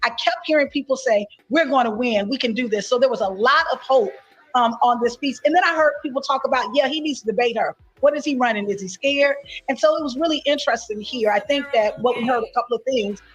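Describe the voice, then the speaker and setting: A woman news reporter recaps the event in an earnest, steady way. Her voice sits a little high with a husky edge. She slips in an occasional filler. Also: quick pace, lo-fi sound. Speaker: field reporter.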